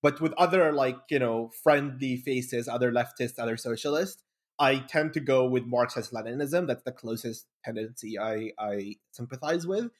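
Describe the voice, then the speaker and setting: A man's voice: mid-range voice, moderate pace. A young man from Bahrain, a podcast guest, talking casually and rambling with lots of fillers and restarts. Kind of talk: casual conversation.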